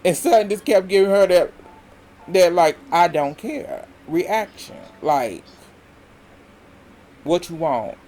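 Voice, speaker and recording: A man's voice: high-pitched, a little slow. A man casually recapping a reality TV episode, retelling the scenes with lots of laughter and acting out what the cast said. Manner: animated retelling, voicing the cast's lines, laughing often.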